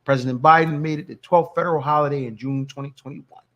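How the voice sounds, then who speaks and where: A man co-hosting a podcast, reading a news article aloud in a plain, even way. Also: a little high, fast, dull audio. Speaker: podcast co-host.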